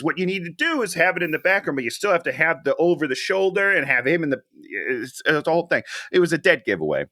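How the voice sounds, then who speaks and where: A man's voice: fairly high pitch, big pitch swings, fast talker, hardly any pauses, bright, forceful tone, dry recording, clean studio sound. A man co-hosting a casual movie review podcast, ranting with sarcasm about lazy filmmaking. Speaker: podcast co-host.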